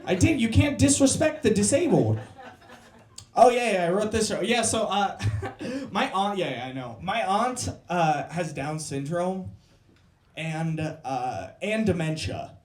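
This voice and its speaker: A high-voiced man with lively intonation does stand-up at a club, crude and brash, landing quick jokes and engaging the crowd. The room's acoustics are audible in the recording.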